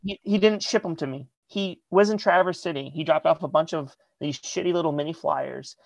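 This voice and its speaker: A man from Michigan, a metal band member, telling a story in a casual interview, animated and profane, acting out the dialogue. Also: a little high, fairly quick, gravelly, dry recording.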